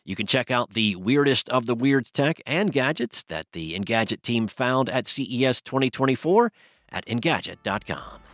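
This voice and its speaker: Give me a man reading the news in a steady, measured way, recorded dry in a studio. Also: medium pitch, no room sound. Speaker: news podcast host.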